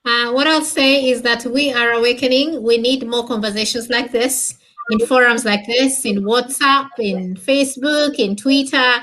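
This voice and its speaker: A woman with a fairly high voice gives closing remarks as a panel guest. She rallies her listeners and runs through a list of examples. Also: steady tone, normal speed, fairly bright tone.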